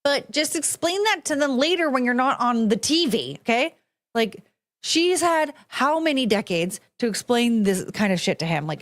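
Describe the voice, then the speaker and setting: A woman's voice: a little high, sing-song, normal speed, a bit bright. A woman hosting a podcast, giving blunt, profane commentary on video clips and dropping into mocking impressions. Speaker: podcast host.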